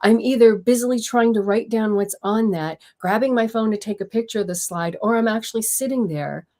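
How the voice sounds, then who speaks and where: Expressive, emphatic woman podcaster. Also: a little high, a little fast. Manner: expressive, emphatic, talks with her hands. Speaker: podcast co-host. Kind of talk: casual conversational podcast.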